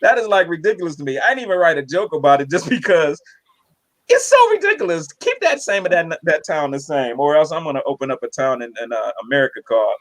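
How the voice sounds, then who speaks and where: Animated young man doing stand-up. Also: a little high, fast. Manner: animated, crude, laughs at own jokes. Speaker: stand-up comedian. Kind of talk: stand-up comedy set.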